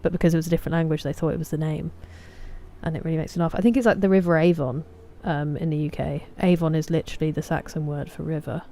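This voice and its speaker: A woman's voice: sits low, steady tone, quick pace, mellow. A young woman from England with an English accent, streaming a game and chatting casually with her live chat, greeting viewers by name. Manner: chatty, reads viewer names and greets them.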